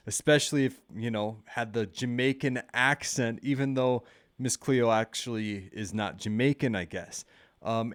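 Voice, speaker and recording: A man's voice: no room sound, clean studio sound. A man hosting a quiz video, chatting casually and often throwing in "hey" and "uh" between lines. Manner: chatty, peppered with "hey" and "uh", lively pitch swings. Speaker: channel host running a quiz game.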